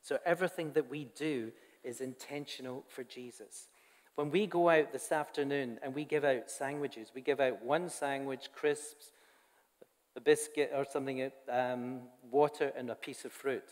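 Speaking at a moderate pace with fairly even intonation, this male pastor has a medium-pitched voice. He delivers an earnest, conversational sermon in a church hall, adding asides to those in front of him, and the sound rings with long church reverb.

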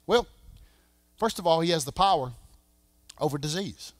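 Southern pastor guy preaching in church, high voice, dry sound, loud then quiet. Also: lively intonation, normal speed, pauses often, no room sound. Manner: preaching with swings from shouting to hushed. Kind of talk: sermon. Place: church sanctuary.

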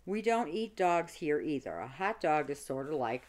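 A woman reading aloud, voicing a sarcastic, excitable schoolboy in a storybook. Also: low-pitched, moderate pace. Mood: explaining. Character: cheeky schoolboy narrator.

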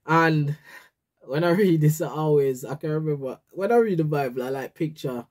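A man's voice: a little high, moderate pace, darkish tone. A man with a Jamaican accent leading a morning prayer and devotional talk, conversational and often asking "right?". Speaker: devotional leader.

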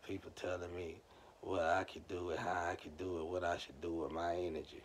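A man's voice: low-pitched, little pitch movement, brisk, a little hiss or hum. A man telling loose, slangy stories in a rambling monologue, speaking straight to his viewers.

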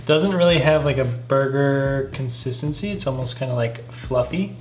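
Very low-voiced woman tasting food. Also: normal speed, a little mellow, echoey room, soft background music. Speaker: taste tester. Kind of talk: casual chat.

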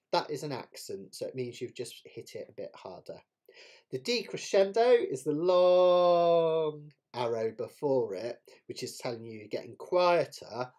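Lively, chatty man teaching ukulele. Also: on the high side. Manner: chatty, self-deprecating, explains while demonstrating. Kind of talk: live online music lesson. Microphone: webcam setup with close camera. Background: ukulele playing.

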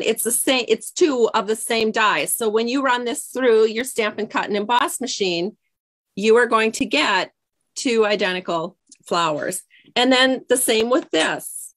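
Chatty, slightly high-voiced middle-aged woman, easygoing crafting demo host who drifts off mid-thought. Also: a bit bright. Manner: chatty, scattered, loses her train of thought. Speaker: crafting demonstrator. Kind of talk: casual craft tutorial.

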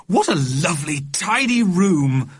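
A man voicing a gushing middle-aged aunt who shrieks with delight in a high, swooping voice. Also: big pitch swings, unhurried, slightly rough, no echo, full character voice.

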